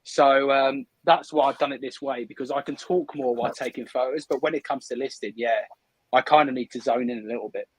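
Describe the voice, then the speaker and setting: A man's voice: mid-range voice, fairly even intonation, fairly quick, breathy edge, no room sound, low-quality recording. A man hosting a live stream from a hot shed, chatting upbeat and thinking aloud while he works. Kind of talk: casual chat while working. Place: hot shed under photography lights.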